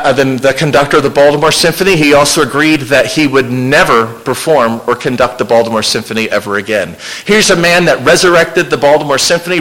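A man's voice: medium pitch, fairly bright tone, low-quality recording. A man giving an informal illustrated history lecture to an audience, conversational and with wry asides. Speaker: local historian giving a slide talk.

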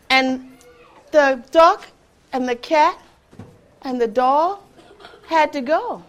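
A woman telling a children's story at an event with tables, lively and singsong, breaking into little tunes. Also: sits high, takes it slowly, pauses often.

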